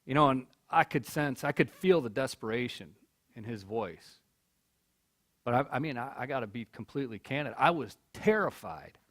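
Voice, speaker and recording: A man's voice: medium pitch, lively intonation, normal speed, a bit bright. A middle-aged man giving a storytelling speech as keynote speaker at a college, earnest, repeating words when he gets stirred up. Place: college hall.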